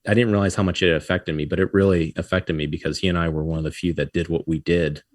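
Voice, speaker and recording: Middle-aged man, very deep voice, lively storyteller, dry close sound. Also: quick pace, no echo. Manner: animated, acts out quotes, laughs often. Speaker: podcast guest. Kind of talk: casual storytelling.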